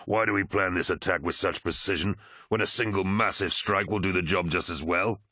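A man voicing a brutal, bloodthirsty male warrior lord in an audiobook, snarling his words slowly and with force. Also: sits low, fairly even intonation, bright, forceful tone, husky, dry recording, studio quality, full character voice. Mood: angry. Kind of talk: audiobook character voice.

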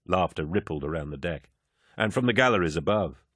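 A man narrating an audiobook in a measured, even storytelling manner. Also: low-pitched, husky, no room sound, studio quality. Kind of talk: scripted narration.

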